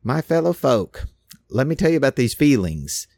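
A man's voice: mid-range voice, sing-song, moderate pace, vocal fry, darkish tone, no room sound. A man playing a pompous dictator orator. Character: grandiose male dictator giving a rally speech.

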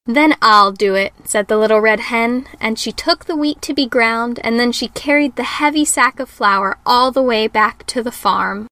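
A woman reading a children's story aloud with an unhurried, careful storybook delivery. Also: on the high side, bright, forceful tone, no echo.

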